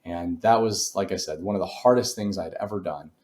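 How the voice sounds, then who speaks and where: A man's voice: low-pitched, fairly quick, darkish tone, reverberant. A man telling a story as a real estate investor guest in a podcast interview, speaking emphatically and in a motivational way.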